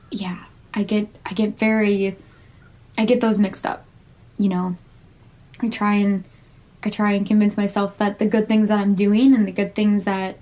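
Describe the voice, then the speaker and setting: A woman's voice: medium pitch, a little mellow. Young woman podcast host, self-critical faith talk, full of "um" and restarts. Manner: halting, searching, many fillers and restarts. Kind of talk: personal faith reflection.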